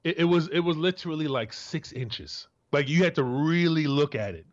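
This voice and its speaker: A man in his forties from Florida, co-hosting a sports talk show as a former player, blunt and profane, jumping into a high voice to act out quotes. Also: lively intonation, normal speed, highs cut off. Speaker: co-host, former NFL player.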